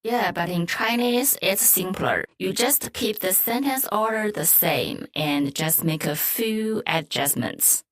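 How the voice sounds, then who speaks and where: A woman co-hosting a Mandarin lesson, explaining grammar and saying each example phrase twice. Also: medium pitch. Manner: slow, clear, repeats example phrases. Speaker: Mandarin teacher, co-host. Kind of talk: scripted language lesson.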